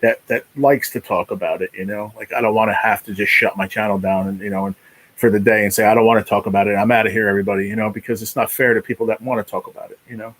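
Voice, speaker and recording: A man's voice: lowish voice, steady tone, fast talker, fairly bright tone, breathy edge, low-quality recording. A man hosting a casual live stream, talking in a rambling, emotional way, full of "you know", and close to tears. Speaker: livestream host.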